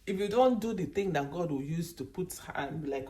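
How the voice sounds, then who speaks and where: A Nigerian woman hosting a live stream, exhorting her audience with an emphatic, preachy delivery. Her pitch swings widely and lively. She sounds set back from the mic, with clear noise in the background. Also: normal speed, far from the mic. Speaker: livestream host. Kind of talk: motivational live stream chat.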